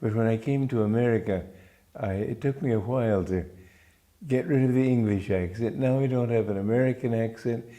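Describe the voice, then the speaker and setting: A man from Romania, a spiritual teacher giving a gentle, unhurried reflective talk with small restarts. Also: mid-range voice.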